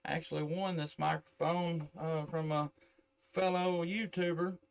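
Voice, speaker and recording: A ham radio operator from middle Tennessee chats on the air into a desk microphone, drawling in a Southern accent with lots of fillers. His fairly high voice is flat, a little slow, and has vocal fry, all part of a casual radio contact.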